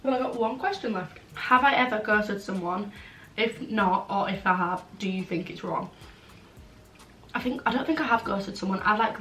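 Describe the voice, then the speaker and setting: A woman's voice: mid-range voice, pushed and bright. Frank young woman vlogging. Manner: frank, blunt, chatty, many "like" fillers. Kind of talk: casual chatty Q&A. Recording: roomy, slightly distant, faint background noise.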